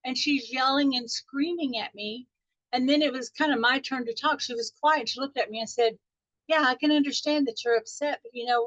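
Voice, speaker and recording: A woman's voice: fairly high pitch, fairly bright tone, no room sound, lo-fi sound. A middle-aged woman from Texas, a spiritual teacher telling a chatty story on a group call. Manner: chatty, anecdotal, laughs often. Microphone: call audio.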